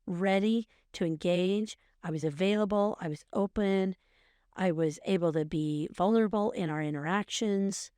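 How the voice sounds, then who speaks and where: A woman's voice: fairly low pitch, a little mellow, dry recording, clean studio sound. A middle-aged woman co-hosting a podcast, giving earnest, coaching advice in a casual chat and repeating phrases for emphasis. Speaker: podcast co-host, mother.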